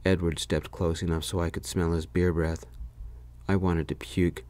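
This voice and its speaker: A man telling a first-person story in a soft-spoken voice, close to the mic, in whispered role-play. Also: deep voice, level tone, normal speed.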